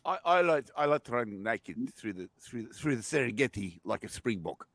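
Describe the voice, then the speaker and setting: A man's voice: mid-range voice, big pitch swings, moderate pace, gravelly, a bit bright, dry recording. A man joking and stammering in casual stream banter.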